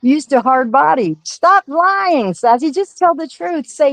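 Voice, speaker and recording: A woman's voice: sits high, animated, unhurried, hardly any pauses, no echo, low-quality recording. A woman hosting a livestream, scolding her chat in a profane, confrontational rant. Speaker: livestream host.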